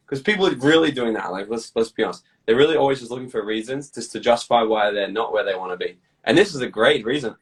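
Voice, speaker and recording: A man being interviewed, talking bluntly with lots of swearing and lively storytelling. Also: medium pitch, fast talker, few pauses, husky, recorded from a distance, rough recording. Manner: blunt, profane, animated storytelling. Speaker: guest. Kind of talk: casual interview chat.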